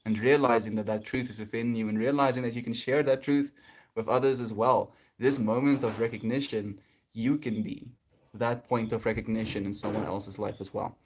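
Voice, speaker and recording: A man in a middle register hosts a casual spiritual livestream, reading his chat aloud. He rambles gently and affectionately, with soft laughs between thoughts. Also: medium pitch, fairly even intonation, normal speed, slight background noise.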